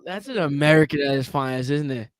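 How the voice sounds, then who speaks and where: A young man co-hosting a casual sports podcast, talking in an animated way, quick to laugh and push back. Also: fairly high pitch, no room sound. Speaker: podcast co-host.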